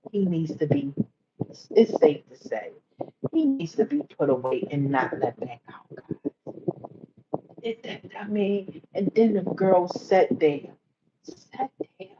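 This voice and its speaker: A woman's voice: fairly low pitch, very animated, takes it slowly. A woman hosting a faith-based livestream, earnestly urging her viewers and repeating herself for emphasis. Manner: earnest, exhorting viewers directly, repetitive. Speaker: livestream host. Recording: muffled livestream audio with background hiss.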